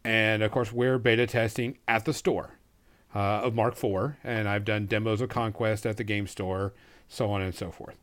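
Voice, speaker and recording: A man's voice: lowish voice, fairly even intonation, moderate pace, a bit bright. A man hosting a casual podcast chat, easygoing and rambling, with many ums and uhs. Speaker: podcast host.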